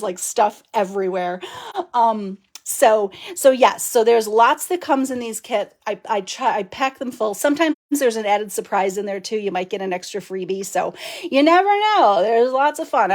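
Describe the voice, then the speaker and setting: A woman with a fairly high voice chats her way through a crafting live stream. She is effusive and laughs often, and she greets her viewers warmly by name. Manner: chatty, effusive, laughs often, reads viewer comments aloud. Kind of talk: casual live-stream chat.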